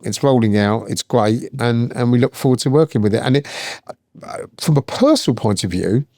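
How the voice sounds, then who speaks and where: Guy in his 60s rambling away on a podcast, dark mellow voice, dry studio sound. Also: medium pitch, lively intonation, fairly quick, no echo. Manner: rambling, chatty, many fillers and restarts. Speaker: guest, founder and accountant. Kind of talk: casual podcast interview.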